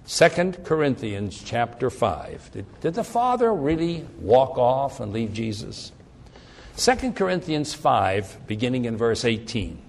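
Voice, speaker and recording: A man preaching a sermon, reading scripture aloud with slow, emphatic stress and often repeating words as he works through the text. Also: mid-range voice, very animated, creaky. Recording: long hall reverb.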